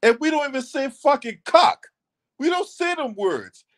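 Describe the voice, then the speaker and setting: A man's voice: very high-pitched, expressive, normal speed. A man hosting his own channel, giving a ranting commentary that is emphatic and profane, and repeating lines for stress.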